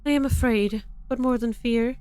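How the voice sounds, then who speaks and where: Gentle young girl in a game read-along, as a woman reads her; soft, earnest, a little high. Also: steady tone, normal speed, clear, resonant tone, no echo, faint music behind, lightly acted. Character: calm, gentle young girl, unafraid and kind.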